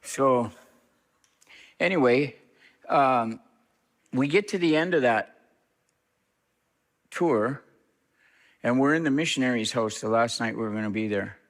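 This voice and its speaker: A middle-aged reverend, a man, telling a story in an interview, lively and acting out what others said. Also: measured pace, pauses often. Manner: animated storyteller, acts out quoted speech with big pitch jumps.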